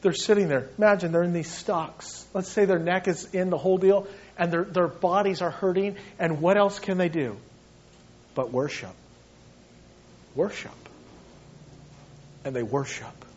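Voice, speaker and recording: A fairly high, husky-voiced man preaching a sermon in a church. He swings from loud, urgent appeals down to hushed, intense quiet. The recording is dull and lo-fi. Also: a little slow, long pauses. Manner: dramatic preaching, swings between shouting and hushed tones. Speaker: pastor.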